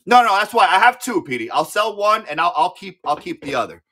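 Man, 30s, live-auction host, excitable, sweary, repeats himself, crisp bright voice, lively pitch. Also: brisk. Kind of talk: casual livestream sales chat.

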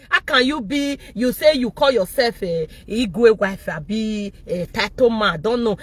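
A woman with a Nigerian accent giving mocking, animated live-stream commentary, often laughing and raising her voice. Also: a little high, unhurried, few pauses, dry recording. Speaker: social media commentator.

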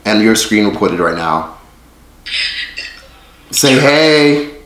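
A man's voice: on the low side, lively intonation, slow, long pauses, fairly bright tone. Profane joking vlogger man. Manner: profane, joking, talks to viewers directly. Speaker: YouTuber vlogger. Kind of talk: casual vlog to camera. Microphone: phone held by hand. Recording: echoey room, faint noise.

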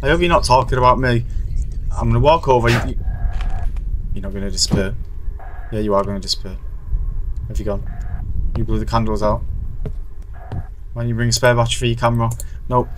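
A man's voice: medium pitch, a little fast, long pauses, noisy background. A man commenting on a horror game as he plays, reacting with jumpy, sweary outbursts over faint game music. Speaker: gaming video host.

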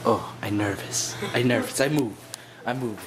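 A man voicing a bored, nervous male house cat in halting, broken, deadpan speech. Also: on the low side, background noise, natural voice. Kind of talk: playful improvised voice.

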